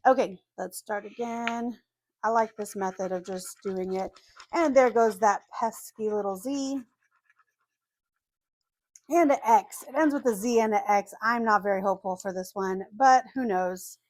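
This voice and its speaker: A woman calmly narrating as she scratches lottery tickets, methodically spelling out letters one by one. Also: mid-range voice, a little slow. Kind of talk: calm scratch-and-reveal narration.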